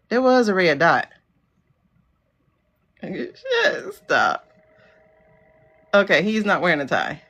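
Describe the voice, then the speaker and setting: Lively woman reacting to her screen. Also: on the low side, slow pace, long pauses, highs cut off. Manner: incredulous, talks back at the screen. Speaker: livestream host. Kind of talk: casual livestream commentary.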